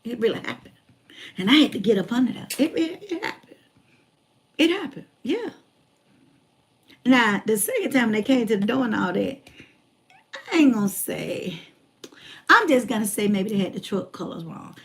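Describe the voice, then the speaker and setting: A woman in her forties telling a personal story in a lively, colloquial way, repeating phrases for emphasis. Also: mid-range voice, normal speed, gravelly, long pauses. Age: 40s. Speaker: motivational speaker.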